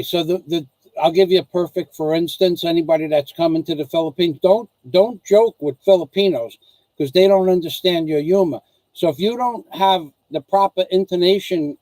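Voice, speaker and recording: An American man with a fairly high, slightly mellow voice hosts a loose, chatty vlog, rambling and ranting casually to his viewers and his wife. He repeats himself, restarts sentences, and slips into small acted-out bits of dialogue. The recording is dry, close, and rough.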